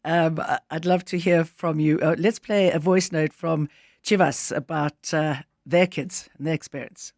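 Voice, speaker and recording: Chatty radio host, bright and dry. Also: male voice, a little high, fairly even intonation, measured pace, creaky, dry recording. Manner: chatty, with frequent restarts and fillers. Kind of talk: casual radio chat.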